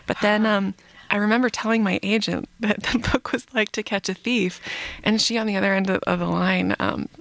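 A woman's voice: mid-range voice, fairly even intonation, normal speed, vocal fry, hardly any pauses, fairly bright tone. A woman novelist talking as a guest on a radio show, reflective and laughing now and then. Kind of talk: casual interview chat.

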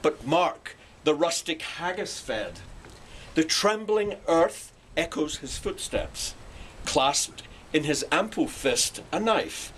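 Slow, dramatic man reciting, faint hiss. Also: on the high side, big pitch swings, a bit bright. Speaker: reciter of a poem. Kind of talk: poetry recitation. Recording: online clip with faint background noise.

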